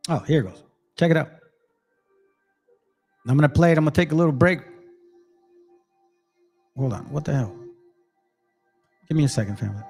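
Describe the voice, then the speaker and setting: Gravelly man talking casually to viewers. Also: on the high side, lively intonation, moderate pace, pauses often, a little mellow, soft background music. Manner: casual, swears, addresses viewers as family. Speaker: channel host.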